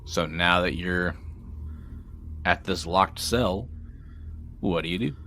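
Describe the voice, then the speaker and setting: Casting: relaxed game master, deep and slow. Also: male voice, slight background noise. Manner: slow, laid-back, laughs easily. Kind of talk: narrating a tabletop game.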